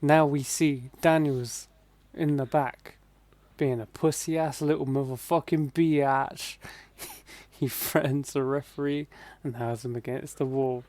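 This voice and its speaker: A man co-hosts a casual podcast and drops dry, wry comments. His voice sits at an ordinary middle pitch. The recording is close and dead, with no room sound. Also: steady tone, slow, darkish tone, no room sound. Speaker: podcast co-host. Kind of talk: casual chat.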